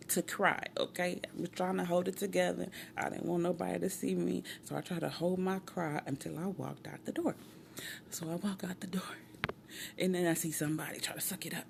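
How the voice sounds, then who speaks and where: A woman telling a casual story from home, animated and acting out voices, with hushed asides. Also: on the low side, vocal fry, slight background noise. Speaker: storytime vlogger and mother.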